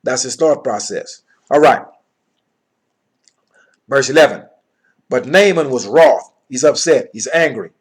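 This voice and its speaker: A man's voice: mid-range voice, lively intonation, unhurried, pauses often, slightly rough. A man teaching from the Bible, reading verses aloud and then explaining them in plain words, often checking in with his listeners.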